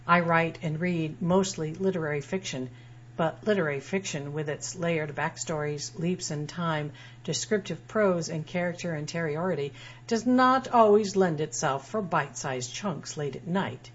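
A woman's voice: sits low, moderate pace, husky. A woman writer reading her own personal essay aloud in a wry, dryly humorous way. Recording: dull lo-fi sound with faint hum.

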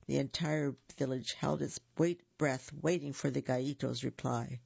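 A storyteller reading a picture book aloud, expressive and gentle, with small asides to listeners. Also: mid-range voice, moderate pace, gravelly, hardly any pauses, husky, dry recording. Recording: dull lo-fi recording.

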